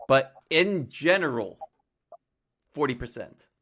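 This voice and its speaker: A man's voice: medium pitch, expressive, slow, fairly bright tone. A male trading educator explaining chart setups on a casual livestream, talking through examples with homely analogies and frequent fillers.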